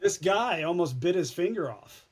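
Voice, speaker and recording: A former TV news anchor, a man, telling stories as a podcast guest in an animated way, often restarting his words. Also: high-pitched, moderate pace, slight background noise. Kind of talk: casual storytelling chat.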